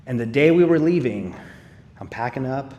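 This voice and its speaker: A man's voice: mid-range voice, lively intonation, moderate pace, dark tone, muffled recording. A man giving a live testimony in church, telling his story in an earnest, conversational way with casual fillers. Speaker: speaker sharing a personal testimony.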